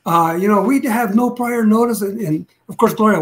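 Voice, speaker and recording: A man's voice: high voice, normal speed. An older man, a retired police detective, telling a long story in a casual interview, rambling with restarts and acting out what others said. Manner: rambling, restarts, acts out quotes.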